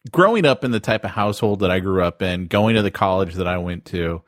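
A man with a fairly low voice co-hosts a podcast in relaxed conversation. He speaks in a reflective, easygoing way. The recording is dry, with little room sound. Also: quick pace, no room sound. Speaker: podcast co-host. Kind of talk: casual podcast chat.

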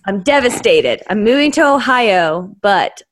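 A tipsy woman from Oklahoma who co-hosts a podcast and chats on a video call in an excitable, rambling, dramatic way. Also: medium pitch, slow. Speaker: podcast cohost. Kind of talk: casual chat.

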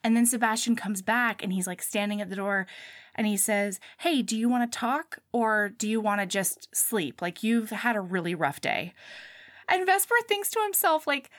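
A woman casually retelling a book's plot, acting out the characters' lines in quick bursts. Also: medium pitch, no echo, studio quality. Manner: animated retelling, acts out dialogue. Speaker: podcast co-host. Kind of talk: casual book chat.

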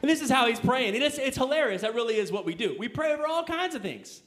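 A man's voice: extremely high pitch, expressive, fast, fairly bright tone. A young man preaching a casual, conversational sermon, full of fillers and rhetorical questions to his listeners. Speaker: pastor.

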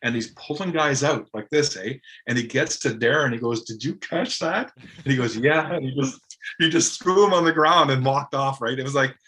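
A man's voice: medium pitch, a little fast, bright, forceful tone, a little hiss or hum. A man, a guest and former broadcaster, telling fond stories in a loose, rambling way full of fillers. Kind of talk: casual interview chat.

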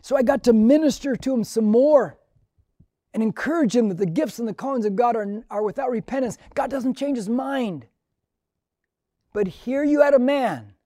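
A man's voice: very high-pitched, moderate pace, mellow, no room sound, clean studio sound. An older male pastor of Mexican heritage telling a story in a conversational, earnest sermon, acting out the dialogue.

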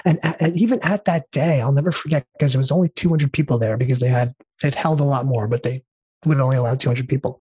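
Middle-aged male guest, earnest storyteller, husky voice. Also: medium pitch, quick pace, a little mellow, dry recording. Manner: earnest, heartfelt, with many fillers and restarts. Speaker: interview guest. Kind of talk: conversational storytelling.

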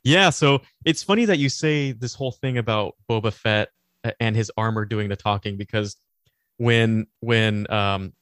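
Rambling low-voiced man on a podcast. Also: normal speed, fairly bright tone, no echo, studio quality. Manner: rambling, restarts often, laughs easily. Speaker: podcast co-host. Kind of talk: casual chat.

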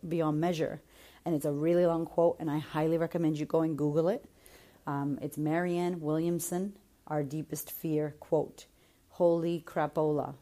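Woman coach on her podcast, lowish mellow voice, blunt and sweary, talking right at you. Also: fairly even intonation, normal speed. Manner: blunt, swears freely, speaks directly to the listener. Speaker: podcast host and confidence coach. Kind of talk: casual motivational monologue.

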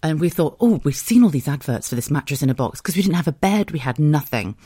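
A woman's voice: low-pitched, animated, quick pace, mellow, breathy edge, no room sound, clean studio sound. A woman in her thirties with a British accent, hosting a podcast as a casual, rambling monologue and swearing freely. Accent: British English. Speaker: podcast host.

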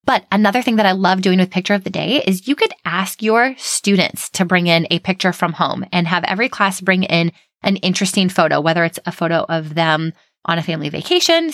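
A woman's voice: fairly low pitch, dry recording, studio quality. Upbeat woman hosting a podcast. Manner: upbeat and encouraging, with frequent "like" and "you know" fillers. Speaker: podcast host for teachers. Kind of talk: solo podcast monologue.

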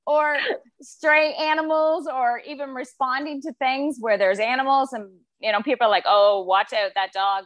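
A woman's voice: a little high, moderate pace, no echo. A woman, a podcast guest and former police officer, talking casually and acting out the voices of the people in her stories. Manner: animated storyteller, acts out quoted voices. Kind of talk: casual conversation.

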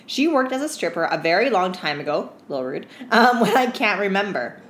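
A woman's voice: medium pitch, a little fast. A young woman co-hosting a podcast, telling stories in casual chat, swearing freely and acting out other people's lines. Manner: animated storyteller, swears freely, acts out customers' lines. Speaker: podcast co-host. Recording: echoey room with faint background hum.

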